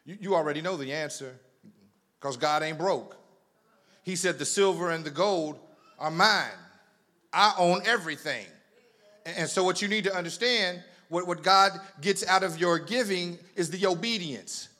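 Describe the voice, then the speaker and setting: A pastor preaches a sermon in a high, bright, forceful voice at normal speed. Chatty and teasing, he tells a funny story and frequently repeats words along the way.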